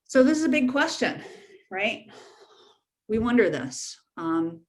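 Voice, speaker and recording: A woman's voice: a little high, big pitch swings, slow. A middle-aged woman counselor giving a frank, informal webinar talk to teens, repeating key points for emphasis. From United States.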